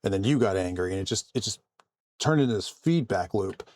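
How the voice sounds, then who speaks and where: A man vlogging casually about his work, calm and conversational with frequent restarts. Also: on the low side, a little fast, no echo. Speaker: vlogger and IT support worker. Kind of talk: casual storytelling to camera.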